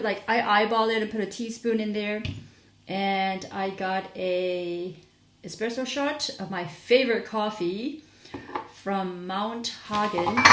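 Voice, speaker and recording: A woman's voice: mid-range voice, reverberant, background noise. A young adult woman chatting casually in a rambling product review vlog, sleepy and full of fillers and restarts. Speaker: vlogger.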